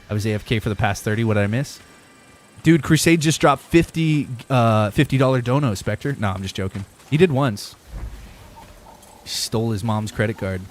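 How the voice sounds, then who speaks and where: Rambling, cursing Ontario Canadian streamer. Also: male voice, mid-range voice, a little hiss or hum. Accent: Southern Ontario Canadian. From Southern Ontario, Canada. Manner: rambling, profane, talks directly to chat. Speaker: game streamer. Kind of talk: casual livestream chat with viewers.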